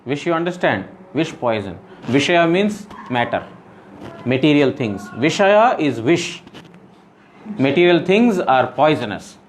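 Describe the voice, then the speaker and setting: A man's voice: a little high, sing-song, a little slow, a little hiss or hum, rough recording. Man explaining scripture, quizzing listeners. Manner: repeats and rephrases for emphasis. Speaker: spiritual teacher. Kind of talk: scripture class.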